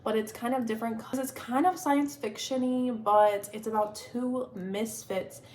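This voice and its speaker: A woman's voice: fairly high pitch, normal speed, darkish tone. A woman in her twenties chatting casually as a book vlogger, rambling, giggly and self-deprecating, with lots of "like" fillers. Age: 20s. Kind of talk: casual chat.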